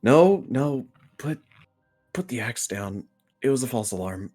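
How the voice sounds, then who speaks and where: Brief: man doing a relaxed, friendly tiefling for a tabletop game, slow and reassuring. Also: medium pitch, husky, faint music behind, voice pushed up. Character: friendly male tiefling host, smooth and relaxed.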